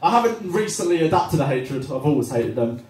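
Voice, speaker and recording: A man's voice: fairly high pitch, lively intonation, brisk, darkish tone. A young man doing a stand-up comedy set, rambling and self-deprecating with many fillers. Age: young adult. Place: cafe-bar comedy night. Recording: roomy live room, distant mic.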